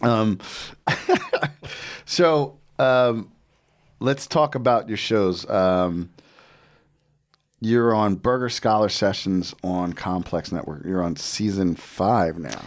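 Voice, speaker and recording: Low-voiced, rambling podcast host man. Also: slow pace, pauses often. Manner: rambling, many fillers and restarts, swears casually. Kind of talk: casual interview chat.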